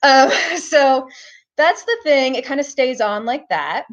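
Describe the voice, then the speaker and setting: A woman's voice: high-pitched, animated, slow pace, lo-fi sound. Chatty woman hosting a hair tutorial stream. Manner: chatty, filler-heavy, talks to viewers as "guys". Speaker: live stream host.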